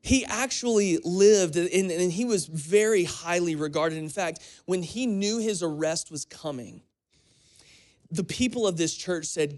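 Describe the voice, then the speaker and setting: This pastor's voice sits high and darkish, expressive and a little slow. Preaching his sermon, he tells stories in a conversational way and keeps restarting.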